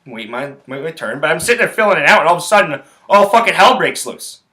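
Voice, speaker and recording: A man's voice: fairly high pitch, expressive, quick pace, bright, forceful tone. A young man, hosting a solo podcast and telling a rambling, blunt story full of profanity. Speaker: podcast host.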